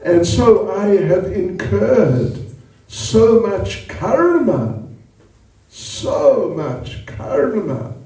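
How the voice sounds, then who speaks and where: A man voicing an earnest, hard-working father who speaks slowly and solemnly. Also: high voice, big pitch swings, warm tone, heavily acted. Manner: slow, deliberate and solemn. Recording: echoey hall from far off.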